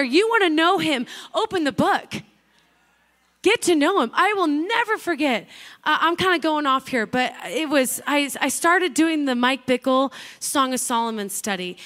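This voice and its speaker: Woman in her thirties, youth preacher, high bright voice, chatty and excitable, lots of fillers. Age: 30s. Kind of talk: casual youth sermon.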